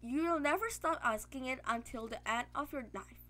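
A woman voicing a grandiose, mad and very rich man who is a villain, speaking in calm, self-assured speeches. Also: high voice, moderate pace, faint music behind. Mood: lofty.

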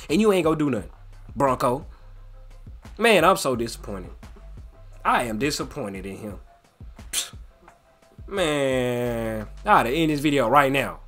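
Animated young man, lively gameplay commentary. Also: on the high side. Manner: animated, trash-talking, slangy. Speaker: gaming channel host. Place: at home, late at night. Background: background music.

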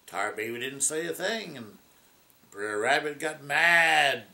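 Slow-talking pastor guy telling a story to his congregation, unhurried. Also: a little high, animated, vocal fry, sharp tone. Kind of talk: sermon with storytelling.

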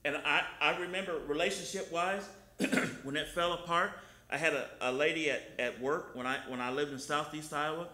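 Bright-voiced Midwestern preacher in an echoey church. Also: male voice, on the high side, fairly even intonation, moderate pace. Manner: folksy storytelling, colloquial grammar. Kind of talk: sermon. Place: church sanctuary.

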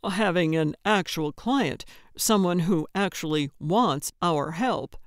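A woman's voice: fairly low pitch, slow pace, dry recording. A woman doing a grumpy older man. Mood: grumbling. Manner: grumbling, dry.

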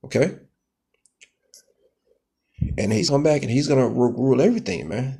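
A man's voice: animated, moderate pace, vocal fry, pauses often, breathy edge. A man preaching from scripture, tagging lines with "man" and "okay", stumbling through restarts and growing heated. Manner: grows loud and heated, pitch rising sharply. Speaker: street preacher. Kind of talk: scripture teaching sermon.

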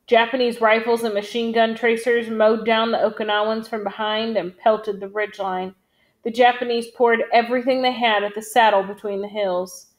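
A woman narrating an audiobook in a measured, dramatic storytelling manner. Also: medium pitch.

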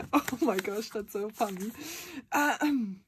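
A young woman in a casual unboxing vlog, gushing, giggling and often squealing in excitement. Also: mid-range voice. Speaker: vlogger. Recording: crinkling packaging noise behind. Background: bubble wrap and packaging crinkles.

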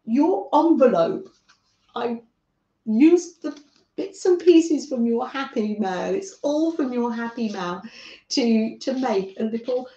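A woman from northern England who hosts a craft livestream, chatting gently with viewers by name and often laughing as she works. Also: a little high. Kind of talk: casual chat with live viewers while crafting. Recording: echoey room, dull lo-fi sound.

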